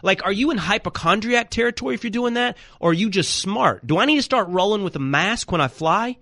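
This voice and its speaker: A man hosting a sports talk radio show, animated and joking with quick asides. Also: sits high, no echo.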